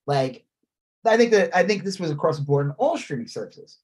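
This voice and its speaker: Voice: medium pitch, big pitch swings, a little fast, a little mellow. A podcast co-host in a casual political chat, ranting animatedly with lots of swearing and filler words.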